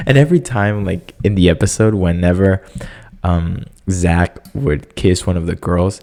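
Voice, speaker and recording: Young guy rambling on his own podcast, deep voice, loose and jokey, tons of "like". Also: normal speed. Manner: animated, jokey, many fillers, squeaky excited impressions. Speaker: podcast host. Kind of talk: casual solo podcast chat.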